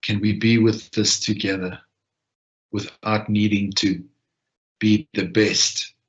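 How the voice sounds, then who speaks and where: A man gently leading a guided reflection and breathing practice, talking in an unhurried way with long pauses. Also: fairly low pitch, level tone. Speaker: session leader. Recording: dull lo-fi online audio.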